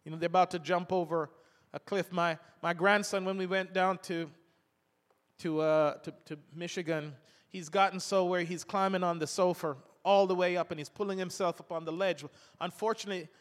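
A man's voice: sits high, steady tone, moderate pace, big-room sound. An older man preaching a sermon, reading scripture aloud between homely stories.

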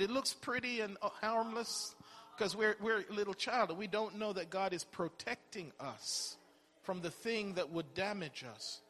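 High-voiced man preaching in a hall. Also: sharp tone. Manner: conversational, rhetorical questions, repeats words. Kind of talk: sermon. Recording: long hall reverb.

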